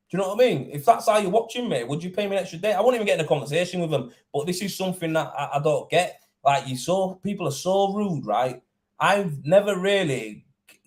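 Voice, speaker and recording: A young man, a plasterer, chatting casually and indignantly on a livestream, swearing and rambling. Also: on the high side. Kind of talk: casual live-stream chat.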